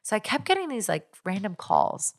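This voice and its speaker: A young woman co-hosting a podcast, telling a story in animated casual chat, full of fillers and restarts. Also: medium pitch, normal speed, vocal fry. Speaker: podcast co-host.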